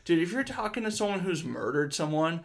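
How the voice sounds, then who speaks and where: A man's voice: on the high side, very animated, fairly quick, vocal fry, crowd noise. A young man co-hosting a casual podcast chat, laughing often and saying "dude" all the time. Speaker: podcast co-host.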